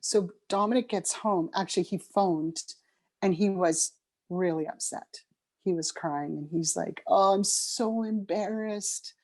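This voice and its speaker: A middle-aged woman talks as an interview guest, her voice mellow and a little low. She tells a personal story in a reflective, unhurried way, pausing on ums and restarting sentences as she finds her words. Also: steady tone. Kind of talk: conversational storytelling.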